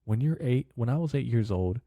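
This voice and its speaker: A man's voice: medium pitch, lively intonation, a little fast, dark tone, no echo, clean studio sound. A man in his twenties hosting a podcast, rambling casually in a profane, bro-speak manner. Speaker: podcast host.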